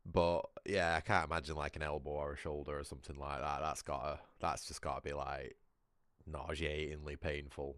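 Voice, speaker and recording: A man's voice: a bass voice, little pitch movement, moderate pace, a bit bright, dry recording, clean studio sound. A man, chatting casually with his livestream viewers, rambling, swearing freely and laughing often. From Britain. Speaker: gaming livestreamer.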